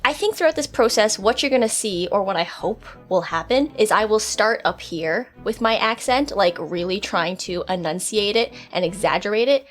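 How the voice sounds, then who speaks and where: A woman vlogging casually as she practices an accent, animated and self-mocking, often laughing at herself. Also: mid-range voice, normal speed, few pauses, faint music behind.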